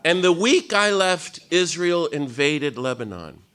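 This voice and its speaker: A man in his fifties giving a storytelling talk to an audience at a retreat day, animated and self-mocking with humor. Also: a little high, measured pace, smooth. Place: meeting room with live audience.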